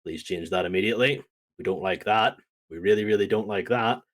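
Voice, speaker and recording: Talking fairly quickly in a voice on the low side, a man co-hosts a laid-back wrestling podcast. He recounts the events animatedly and acts out everyone's lines.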